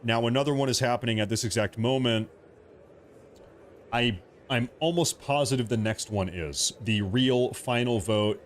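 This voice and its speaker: A man's voice: medium pitch, a little hiss or hum. A man hosting a political livestream from home, talking casually, joking and repeating himself as he rambles. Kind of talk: casual live commentary.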